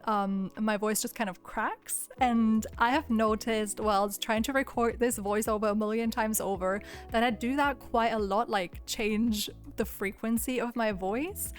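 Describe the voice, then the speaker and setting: A young woman in her twenties recording a casual chatty voiceover from home, her voice weak and cracking, speaking in a subdued, rather monotonous way and laughing often. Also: fairly high pitch, a little slow, hardly any pauses, faint music behind. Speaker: video creator.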